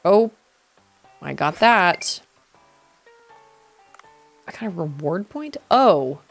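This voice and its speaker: Lively chatty woman streamer. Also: lowish voice, very slow, faint music behind. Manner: chatty, reads chat aloud, excitable yelps during fights. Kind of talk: casual gameplay commentary.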